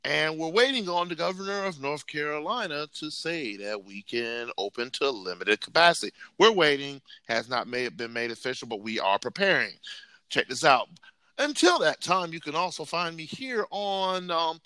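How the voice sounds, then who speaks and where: A man hosting a casual sports podcast, his voice smooth and resonant with a lively, swinging delivery. He laughs easily, reads out his handles and spells them letter by letter, and the recording is dry and close. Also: a little high, normal speed, dry recording. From United States. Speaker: podcast co-host.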